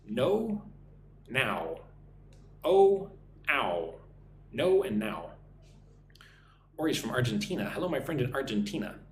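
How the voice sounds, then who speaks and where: Lively English teacher man, echoey room. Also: medium pitch, slight background noise. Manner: reads viewer comments aloud, slow drilled pronunciation. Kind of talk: live-stream English lesson.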